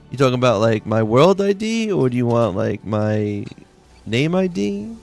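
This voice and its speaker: Faint music plays behind a man casually chatting while streaming a game live, relaxed and rambling with slang and lots of "like"s. His mid-range voice is animated, creaky, and darkish, moving fairly quickly.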